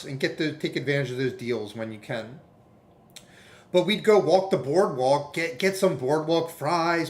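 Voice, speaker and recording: A man streaming and chatting casually, rambling through anecdotes and putting on other people's voices. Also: on the high side.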